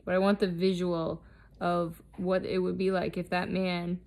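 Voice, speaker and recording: A woman's voice: on the low side, flat delivery, a little slow, vocal fry, a little mellow. A woman delivering an unscripted, impassioned monologue, blunt and heavily profane, intense and defiant. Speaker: vlogger.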